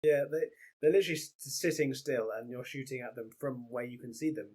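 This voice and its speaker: A young man, co-hosting a casual review podcast, chatting loosely with laughs and quick asides. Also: medium pitch, darkish tone, breathy edge. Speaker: co-host reviewer.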